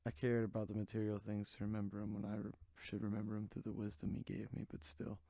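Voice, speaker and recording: Casting note: male podcast host, low voice, dry close mic, tired and candid. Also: completely flat delivery, fast talker, creaky, dark tone, dry recording. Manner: rambling, candid, jokey. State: sleepy, yawning. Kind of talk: casual solo podcast chat.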